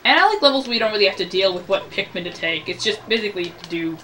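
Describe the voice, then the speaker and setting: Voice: medium pitch, lively intonation, quick pace, sharp tone, distant mic, slight background noise. A host giving casual gameplay commentary, rambling, joking and correcting himself mid-sentence. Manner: rambling, self-correcting, jokey. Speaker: let's play host.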